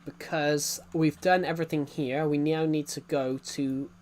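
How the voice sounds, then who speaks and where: A man's voice: a little high, level tone, a little slow, darkish tone. A young British man streaming a game, giving a rambling casual tour with lots of fillers and restarts. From Britain.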